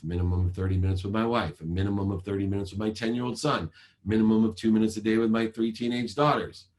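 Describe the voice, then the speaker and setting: Deep-voiced man giving a motivational talk. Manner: measured, emphatic, list-like delivery. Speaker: motivational speaker. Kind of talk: motivational talk on a video call. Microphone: video call.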